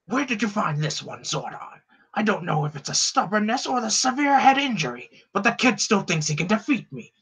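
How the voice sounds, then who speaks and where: A man doing an impression of a gloating alien warlord, with a raspy, half-whispered voice and slow, drawn-out taunts. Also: high-pitched, very animated, a bit bright, voice pushed up, full character voice.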